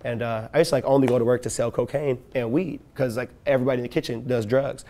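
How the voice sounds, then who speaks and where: A young man from Chicago spins profane, animated stories in a casual interview, acting out the voices of everyone he quotes. He talks quickly, with a rough, gravelly edge in his voice. His speaking pitch sits in an ordinary middle range. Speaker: rapper.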